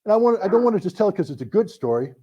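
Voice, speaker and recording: A man's voice: high voice, very fast, husky, muffled recording. A middle-aged American man telling anecdotes to an audience at a book talk, acting out the people he quotes. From United States. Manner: animated anecdotal storytelling with voiced quotes. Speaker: author giving a book talk.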